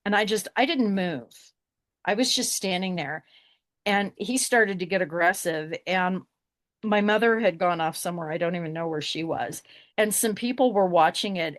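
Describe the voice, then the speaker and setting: A woman's voice: on the low side, moderate pace, no echo, studio quality. A middle-aged woman telling a personal story as a podcast guest, acting out the exchanges she recounts.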